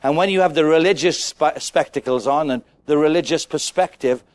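A man preaching a sermon to a congregation, animated and asking them questions. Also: fairly high pitch, brisk. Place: church with a congregation.

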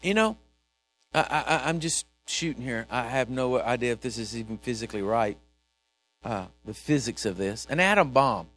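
A man preaching a sermon, animated and repetitive, swinging from shouts to quiet asides. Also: medium pitch, moderate pace, faint music behind. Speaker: pastor.

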